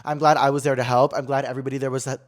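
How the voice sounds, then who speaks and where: A man's voice: medium pitch, level tone, very fast. A young man hosting his own podcast, telling a story in a casual, dramatic way full of "like" fillers. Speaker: podcast host.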